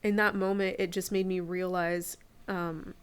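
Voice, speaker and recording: A woman's voice: lowish voice, level tone, a little slow, clear, resonant tone. A woman in her forties, a podcast guest, telling personal stories in a candid, reflective casual chat.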